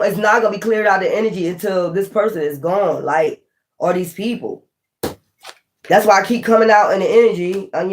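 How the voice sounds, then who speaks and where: A woman from North Philadelphia with a Philly accent, chatting bluntly and roughly on a tarot livestream, swearing freely. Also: on the low side, a little hiss or hum. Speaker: tarot reader. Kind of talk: casual livestream chat.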